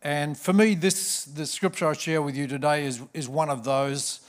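A man's voice: a little high, fairly even intonation, moderate pace. A man, a pastor preaching a sermon in church with joking, self-mocking asides. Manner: warm, humorous storyteller with self-mocking asides.

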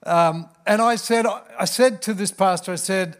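A man's voice: high-pitched, normal speed, few pauses, clean tone. A man, a pastor preaching a sermon in church with joking, self-mocking asides. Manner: warm, humorous storyteller with self-mocking asides.

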